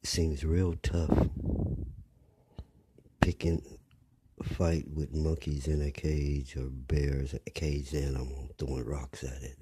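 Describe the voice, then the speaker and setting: An older man delivering a blunt, rambling monologue, often dropping to a rough whisper. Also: a bass voice, little pitch movement, takes it slowly, mellow, slight background noise. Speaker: commentator. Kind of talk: preachy monologue.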